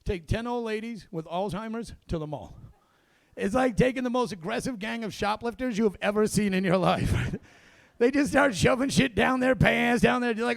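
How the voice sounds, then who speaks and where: A middle-aged man doing a stand-up comedy set in a comedy club, telling gruff, self-deprecating stories with quick asides. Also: sits high, lively intonation, no room sound.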